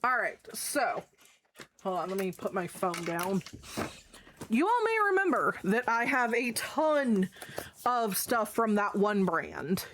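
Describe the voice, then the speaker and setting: A woman streamer with a mid-range, slightly bright voice chats slowly but very animatedly, rambling as she shows items to her live chat and swearing freely. She speaks into a desk mic, with slight background noise.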